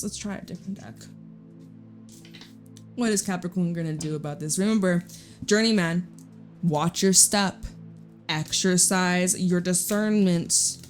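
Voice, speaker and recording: A woman's voice: lowish voice, darkish tone. A young woman giving a casual tarot reading, chatty and blunt, swearing freely and laughing often. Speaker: tarot reader.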